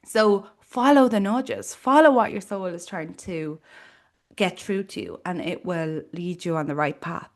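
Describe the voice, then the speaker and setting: Speaking a little slowly in a fairly low register, the Irish woman hosting this podcast delivers a reflective, earnest monologue about personal matters. Casual fillers pop up throughout.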